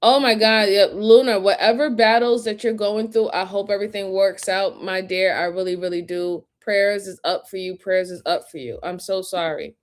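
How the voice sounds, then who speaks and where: A woman hosts a casual livestream, talking over crime footage in an easygoing way. She fills her pauses with ums and uhs and greets her viewers by name, and her voice sits at an ordinary middle pitch. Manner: relaxed, chatty, many fillers, greets viewers by name. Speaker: livestream host reviewing crime interrogation footage.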